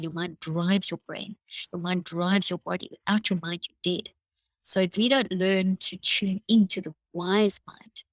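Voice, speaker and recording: Woman explaining with animated quoted self-talk. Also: fairly low pitch, no room sound, low-quality recording. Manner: animated, explains at length with quoted inner speech. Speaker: cognitive neuroscientist guest.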